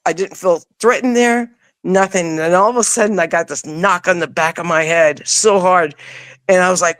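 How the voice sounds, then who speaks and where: A woman with a fairly low voice, recorded dry, speaks as an interview guest. She tells a personal story in casual, informal words, animatedly acting out what she said back then.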